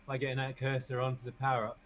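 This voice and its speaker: A man's voice: medium pitch, completely flat delivery, very fast, noisy background. A man co-hosting a live stream, chatting in a jokey, playful way. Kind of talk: casual chat.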